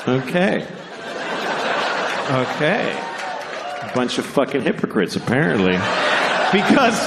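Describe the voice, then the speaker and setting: A man doing stand-up, his pitch leaping all over as he rants with sarcastic, profane mock outrage. The sound is roomy and echoing, with steady noise underneath. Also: takes it slowly, vocal fry, long pauses, a loud crowd. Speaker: stand-up comedian. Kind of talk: stand-up comedy set.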